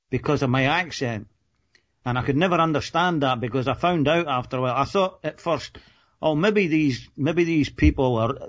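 An older Scottish man with a slightly high voice tells amused, self-deprecating stories on a talk-radio call. The sound is muffled and lo-fi, like a phone-in line. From Scotland. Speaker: caller. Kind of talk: casual storytelling on a radio call-in.

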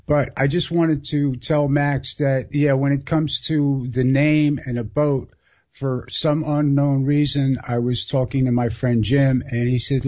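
A laid-back man with a mid-pitched voice hosts a talk radio show, chatting easily with his callers. The audio is dull and lo-fi. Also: darkish tone. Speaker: radio host.

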